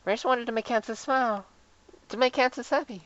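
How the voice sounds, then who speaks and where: A woman's voice: fairly high pitch, a little fast, no room sound, pitched above the performer's own voice, lightly acted. A woman voicing a cheerful, mysterious young girl who refers to herself by her own name instead of saying I. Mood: earnest. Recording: dull lo-fi.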